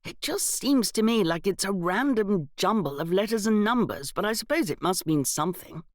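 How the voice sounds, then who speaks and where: A woman voicing a thoughtful young aristocratic gentleman, mild and measured. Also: medium pitch, animated, no room sound, studio quality, lightly acted.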